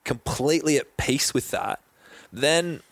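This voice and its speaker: A man's voice: mid-range voice, animated, unhurried, gravelly, dry recording. A young Australian man chatting casually as a podcast guest, laid-back, swearing freely and talking in long run-on thoughts. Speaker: guest athlete.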